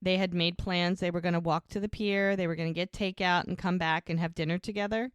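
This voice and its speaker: A woman's voice: lowish voice, steady tone, brisk, clear, resonant tone, dry recording. A woman co-hosting a podcast, casually recapping a TV episode and eagerly acting out the characters' lines as she retells each scene. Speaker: podcast co-host.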